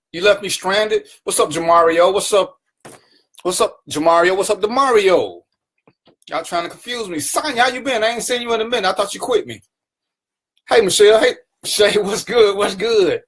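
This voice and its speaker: A man's voice: high-pitched, fairly bright tone, a little hiss or hum. A man hosting his own live stream, greeting viewers by name and teasing them in casual, playful banter. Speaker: livestream talk show host.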